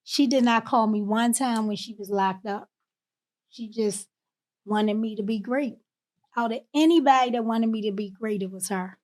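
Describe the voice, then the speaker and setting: Woman, from Baltimore, podcast guest, personal storytelling, candid, emotional, fairly high voice. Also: moderate pace. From Baltimore, USA. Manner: candid, emotional, drifts soft on painful parts.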